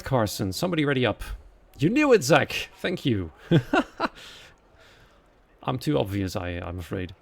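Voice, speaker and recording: A man's voice: fairly low pitch, creaky. A man from the Netherlands with a Dutch accent, commentating a live sim racing event and reading out the chat. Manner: quiet and chatty while waiting, lively and louder once the race starts.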